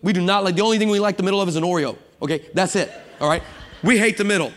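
A man preaching a sermon to a congregation, lively and humorous, building up to shouting passages. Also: sits high, racing. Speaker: guest preacher. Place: church sanctuary with congregation. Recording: long hall reverb.

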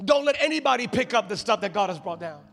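A male preacher delivering a sermon to a live congregation, moving from quiet storytelling to shouted exhortation and calling out to the crowd. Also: sits high, expressive, fast talker, creaky, faint music behind. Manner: calls out to the congregation. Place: church stage before a live congregation.

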